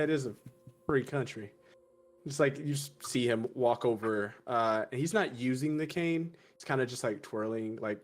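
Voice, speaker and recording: Casual man playing a tabletop game. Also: medium pitch. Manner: casual, halting, with restarts. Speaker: player. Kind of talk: in-character tabletop role-play.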